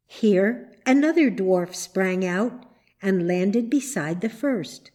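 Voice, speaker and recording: Slow, measured woman storyteller. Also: mid-range voice, lively intonation, warm tone. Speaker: reader. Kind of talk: scripted storybook narration. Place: church.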